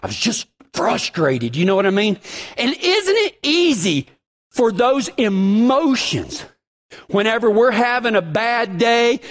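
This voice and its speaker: A middle-aged man preaching a casual sermon, telling personal stories in a chatty, self-deprecating way. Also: very high-pitched.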